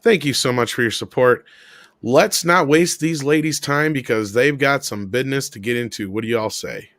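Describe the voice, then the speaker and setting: A man's voice: medium pitch, moderate pace, fairly bright tone, no echo. A man hosting a podcast in a loose, joking way, reading out viewer messages and swearing casually. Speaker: podcast host. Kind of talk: casual profane podcast chat.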